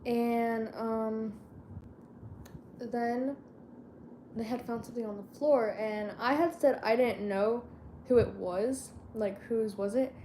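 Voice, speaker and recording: A woman's voice: a little high, fairly even intonation, slow pace, pauses often, dark tone, slight background noise. A teenage girl vlogging in a casual chat, rambling and slangy and often losing her train of thought.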